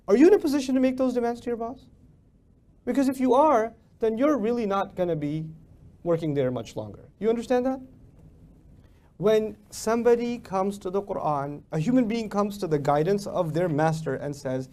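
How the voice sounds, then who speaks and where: A man's voice: sits high, normal speed, warm tone. A man giving a religious lecture as a preacher, emphatic and full of rhetorical questions. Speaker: Islamic preacher.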